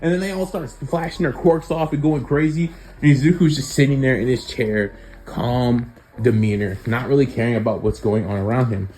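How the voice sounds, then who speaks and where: A man's voice: medium pitch, steady tone, normal speed, dark tone, a little hiss or hum, low-quality recording. A man casually telling a fan-made story, rambling with many fillers.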